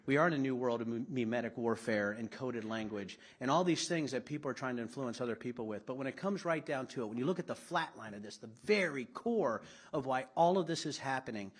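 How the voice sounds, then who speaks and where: A man's voice: mid-range voice, fairly quick, hardly any pauses. A middle-aged man giving a conversational, self-deprecating speech to a live audience at a political summit, with blunt asides.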